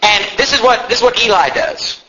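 A man preaching a sermon in an animated way, now and then shouting mocking impressions. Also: very high-pitched, fairly quick, dull audio, a little hiss or hum. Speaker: pastor.

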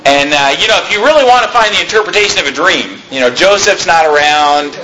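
A man's voice: a little high, quick pace, a little hiss or hum, rough recording. A man preaching a sermon to his congregation, telling a personal story and asking the room questions. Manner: lively storytelling with audience questions. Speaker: pastor.

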